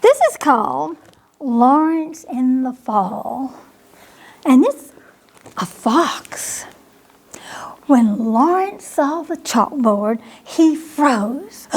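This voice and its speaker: A woman librarian reading a bedtime picture book aloud to children, gently, pausing to ask them questions. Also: high voice, animated. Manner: slow, gentle, asks the listeners questions.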